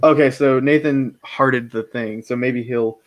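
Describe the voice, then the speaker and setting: A man's voice: mid-range voice, steady tone, unhurried. A young American man chatting as a guest on an online call, rambling and correcting himself as he jokes along. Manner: rambling, self-correcting, jokey. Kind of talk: casual online chat. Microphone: computer microphone on a call.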